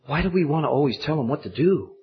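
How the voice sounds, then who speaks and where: A man preaching a sermon, telling a personal story and building to high, emphatic exhortation. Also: lively intonation, fast talker. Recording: dull lo-fi recording.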